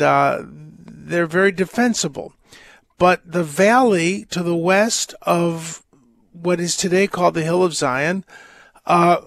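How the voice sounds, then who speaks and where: A man hosting a Catholic call-in radio show, reading letters and answering questions in a rambling, halting, wry way. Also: high voice, creaky, no room sound, clean studio sound. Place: radio studio. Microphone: studio microphone.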